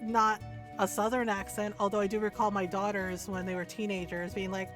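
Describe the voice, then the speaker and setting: A woman's voice: mid-range voice, little pitch movement, brisk, soft background music. A middle-aged woman streaming a video game, chatting casually in a rambling way with lots of fillers and easy laughs. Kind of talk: casual livestream commentary.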